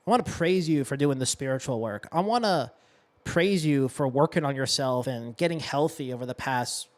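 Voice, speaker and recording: A young adult man from Massachusetts, a podcast host and coach delivering an impassioned, preachy monologue with emphatic stress and blunt swearing. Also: fairly high pitch. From Massachusetts, USA. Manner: preachy, emphatic, with profanity and self-corrections.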